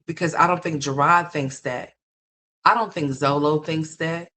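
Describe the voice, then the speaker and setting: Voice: mid-range voice, steady tone, a little slow, bright, forceful tone. A commentator delivering unscripted gossip commentary in a blunt, profane, scolding way, rambling and repeating phrases for emphasis.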